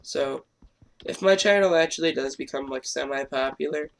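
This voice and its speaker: A man's voice: medium pitch, normal speed, vocal fry, a bit bright. A teenage boy commenting on his own gameplay, rambling and self-deprecating, stuttering often, his throat strained. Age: teens. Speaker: gamer.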